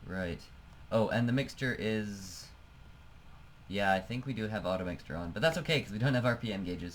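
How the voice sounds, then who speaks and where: A man's voice: lowish voice, slight background noise, poor audio. A man giving casual, self-mocking commentary while playing a flight game, laughing often. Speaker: let's play gamer.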